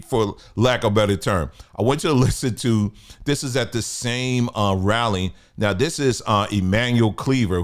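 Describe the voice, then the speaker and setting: A man hosting a live news commentary show, talking straight to viewers in an exasperated, repetitive way. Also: fairly low pitch. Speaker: host.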